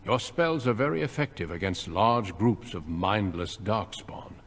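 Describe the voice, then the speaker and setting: An actor playing a serious veteran warrior recruiter in a video game, speaking in an earnest, measured, solemn way. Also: male voice, fairly low pitch, big pitch swings, a bit bright, heavily acted. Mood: grave.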